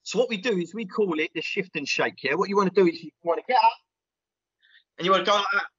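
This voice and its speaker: A man's voice: sits high, quick pace, fairly bright tone, husky, no echo, muffled recording. A man playing a big, earnest, clueless self-styled diet guru in a comedy sketch, instructor patter full of "yeah?" and "right?". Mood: instructive.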